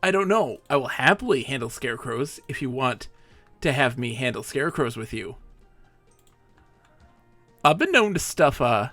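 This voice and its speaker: A male streamer with a gravelly, rough-edged voice that swings widely up and down as he jokes through a live game session. He slips into goofy, mock-dramatic rants over faint game music. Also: mid-range voice, very animated, moderate pace, pauses often, a bit bright, dry recording. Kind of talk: live gameplay commentary with in-character joking.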